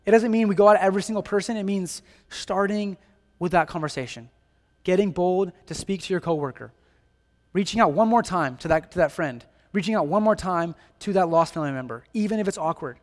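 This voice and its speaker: Male preacher, high voice, earnest emphatic sermon, long hall reverb. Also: brisk. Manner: earnest, emphatic, repeats phrases and rhetorical questions.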